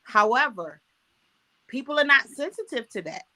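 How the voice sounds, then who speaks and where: A woman's voice: sits high, expressive, moderate pace, pushed and bright. A woman guest talking earnestly in a casual conversation, speaking from her own experience. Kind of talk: casual chat.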